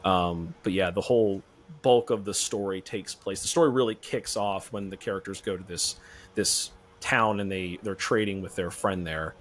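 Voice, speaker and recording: A man being interviewed as a filmmaker guest on a podcast, talking in a relaxed, rambling way. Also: sits low, moderate pace.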